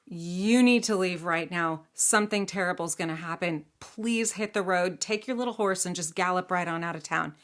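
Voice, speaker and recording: A woman's voice: lowish voice, normal speed, few pauses, fairly bright tone, lightly acted. A woman playing a tearful, pleading young princess. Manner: urgent, pleading.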